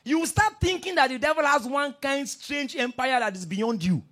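High-voiced, lively preacher. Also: male voice, normal speed. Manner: animated storytelling, swings from soft asides to loud declarations. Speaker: pastor. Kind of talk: sermon.

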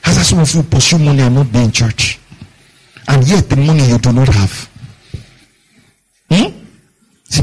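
Expressive and pausing often, this man speaks at normal speed in a slightly rough, somewhat mellow voice, captured in poor audio. In his sermon he questions the congregation, repeats key lines, and acts out story characters, changing pitch dramatically when quoting them.

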